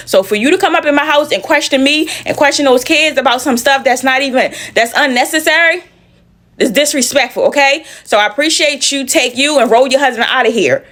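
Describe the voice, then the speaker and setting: A woman's voice: high-pitched, fairly bright tone. A woman telling a personal story in a casual storytime style, emphatic and repeating phrases for effect.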